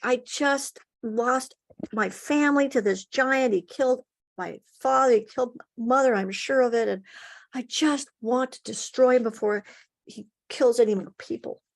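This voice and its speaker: A woman voicing a young orphan boy in a told folktale, speaking earnestly and haltingly, as if close to tears, over a video call. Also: a little high, gravelly. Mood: pleading. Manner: earnest, halting, tearful pleading.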